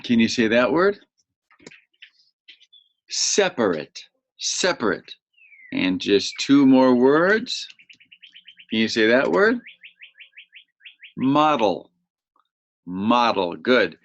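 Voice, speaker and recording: A man's voice: medium pitch, very animated, takes it slowly, gravelly, a little hiss or hum. A man, teaching young children a vocabulary lesson and patiently repeating each word for them to say back. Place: home near birdsong. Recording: slightly dull, muffled audio.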